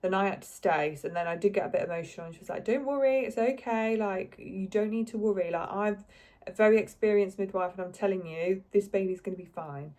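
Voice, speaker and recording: A woman's voice: medium pitch, fast, a little mellow. A young woman telling her story in a chatty, emotional way to camera, with lots of fillers. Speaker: vlogger.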